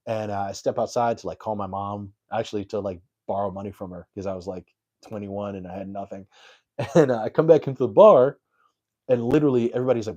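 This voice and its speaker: A man's voice: fairly low pitch, fairly even intonation, fast talker, warm tone. A young adult man, a comedian, telling a story on his live stream in a rambling, self-deprecating way full of fillers.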